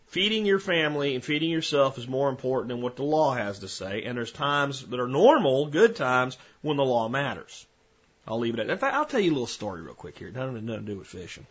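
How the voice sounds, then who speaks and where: A man's voice: medium pitch, sing-song, fairly quick, a bit bright, highs cut off. A man hosting a podcast, talking casually in a folksy, rambling storytelling way. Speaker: podcast host.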